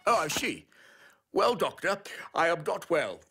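A man's voice: a little high, sing-song, measured pace, sharp tone, slight background noise, heavily acted. An actor playing a grumpy male elf king with a cold, complaining in a stuffed-up voice.

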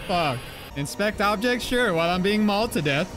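A young man giving let's play commentary on a horror game, swearing and shouting at jump scares, his voice going hoarse from screaming. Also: high-pitched, animated, moderate pace. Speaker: gaming YouTuber. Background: game music.

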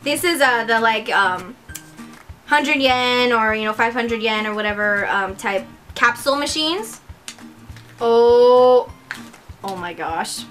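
High, bright, gushing young woman. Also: slow, soft background music. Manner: gushing, excitable, many exclamations. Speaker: vlogger. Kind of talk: unboxing vlog chat.

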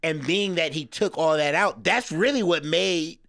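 A man's voice: fairly high pitch, a little slow, vocal fry, a bit bright, no room sound, studio quality. A man co-hosting a podcast, talking casually and explaining a story at length with lots of fillers. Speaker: podcast co-host. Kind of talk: casual chat.

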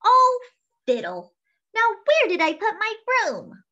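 A woman voicing a fussy, worried old witch in a storybook read-aloud, with high, shrill exclamations. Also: huge pitch swings, slow pace, bright, forceful tone, heavily acted. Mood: flustered. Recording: dull lo-fi sound.

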